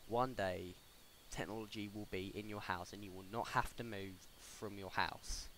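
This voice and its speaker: A man's voice: on the low side, steady tone, normal speed, fairly bright tone. A young man, talking casually on a solo podcast, rambling with lots of fillers and restarts. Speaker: podcast host. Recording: faint background noise.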